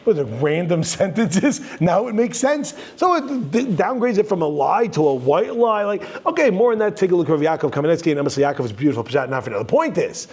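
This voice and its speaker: High-voiced man telling a lively Torah story. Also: fairly quick, hardly any pauses, slightly rough. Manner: animated, jokey, acts out characters' lines. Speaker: rabbi teaching.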